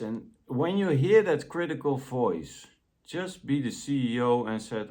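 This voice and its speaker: Slow, gentle-spoken man. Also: mid-range voice, expressive. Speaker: self-help speaker. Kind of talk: motivational self-help talk.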